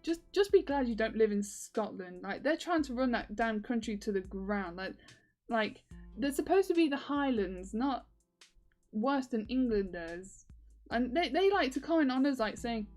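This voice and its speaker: A woman's voice: fairly high pitch, lively intonation, normal speed, a little mellow, faint music behind. A woman chatting casually in a video diary, rambling with lots of fillers and frequent laughs. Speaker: video diarist.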